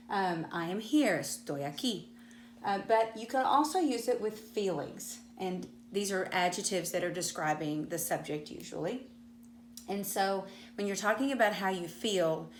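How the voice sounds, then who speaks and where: A Spanish teacher with a Southern US accent, a woman who patiently explains and asks her class questions. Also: medium pitch. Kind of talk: classroom lesson to students. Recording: echoey room with faint hum.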